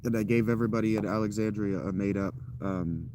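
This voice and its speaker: A man's voice: fairly low pitch, a little fast, noisy background. A man streamer chatting casually to his audience, candid and rambling, often poking fun at himself. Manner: candid, rambling and self-deprecating. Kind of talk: casual chat to a live audience.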